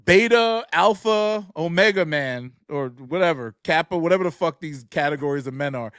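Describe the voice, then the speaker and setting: A young man with a notably high voice jokes and rants through a casual podcast chat, swearing freely and laughing at his own stories. The sound is close and dry, with no room around it. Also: normal speed, smooth, no echo. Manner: loud, profane, laughing, animated storytelling. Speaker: podcast co-host.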